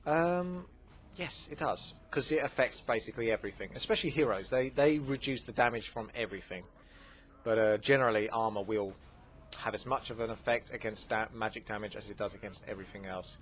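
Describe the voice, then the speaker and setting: Here a gaming channel host answers his viewers' questions in loose Q&A commentary, rambling with lots of fillers and fast tangents. His voice is lowish, and there's slight background noise.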